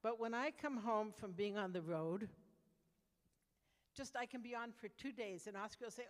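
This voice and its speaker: A woman's voice: mid-range voice, lively intonation, unhurried, pauses often, big-room sound. Brash older woman stand-up comic. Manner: brash, conversational, with repeated restarts. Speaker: stand-up comedian. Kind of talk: stand-up comedy storytelling.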